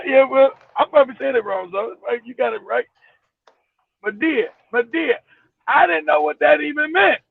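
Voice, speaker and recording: A man's voice: extremely high pitch, vocal fry, dry recording. A man from Los Angeles hosting a casual podcast chat, a profane storyteller who laughs as he talks, heard over a tinny phone-like line. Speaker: host.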